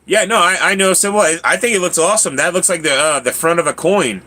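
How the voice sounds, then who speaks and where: Quick and sharp, with a voice on the high side, the male livestream host chats with viewers and reads their comments. He stammers a lot and repeats himself.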